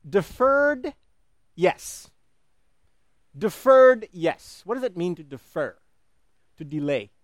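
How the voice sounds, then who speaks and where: A male preacher delivers a sermon in a high, lively voice that swings from soaring peaks to low, quiet drops. He preaches with animation and acts out voices in his stories, recorded dry and close with no room echo.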